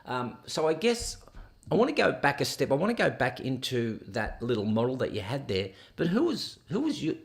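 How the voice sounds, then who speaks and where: A man hosts a relaxed podcast chat, his pitch swinging up and down as he jokes and teases his guest. He talks in a mid-range voice with plenty of energy. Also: normal speed, vocal fry. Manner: animated, teasing, jokey. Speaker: podcast host. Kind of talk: casual interview chat.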